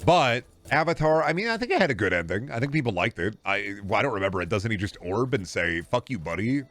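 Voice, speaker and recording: A man's voice: on the low side, big pitch swings, fast, fairly bright tone, soft background music. A man chatting casually and swearing freely as he streams a game, rambling from one joke to the next. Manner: rambling, profane, jokey.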